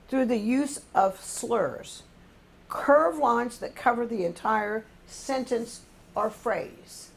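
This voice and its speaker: Older woman teaching singers, gravelly husky voice. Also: a little high. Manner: patient, explanatory, sings short demonstrations. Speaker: choir music director. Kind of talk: teaching a singing class.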